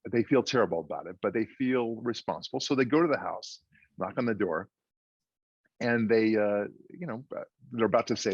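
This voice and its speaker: A man's voice: lowish voice, no room sound. A man giving a speech, telling a joke in a conversational, storytelling way. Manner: conversational storyteller, frequent restarts. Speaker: guest speaker. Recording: dull muffled dry audio.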